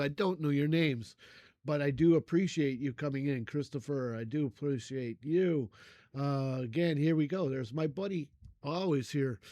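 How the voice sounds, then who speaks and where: An older man hosting a music reaction channel chats casually to his viewers, rambling and halting with many fillers, effusive in his thanks, often coughing and clearing his throat. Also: on the high side, no echo, clean studio sound. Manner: effusive, warm toward viewers.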